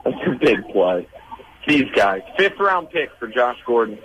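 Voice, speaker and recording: A man's voice: medium pitch, sing-song, measured pace, noisy background. A man hosting a casual sports radio talk show, arguing and telling stories. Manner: argumentative, storytelling. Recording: radio studio mic.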